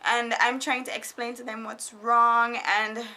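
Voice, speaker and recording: A young woman casually telling a storytime vlog, animated and laughing often, quoting people in put-on voices. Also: a little high, a little slow. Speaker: vlogger. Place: foreigner living in Japan.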